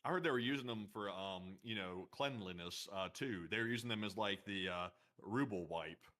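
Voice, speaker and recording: A man's voice: lowish voice, moderate pace, bright, forceful tone. A man co-hosting a casual commentary stream, joking in a hesitant way with many fillers. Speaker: co-host. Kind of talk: casual banter.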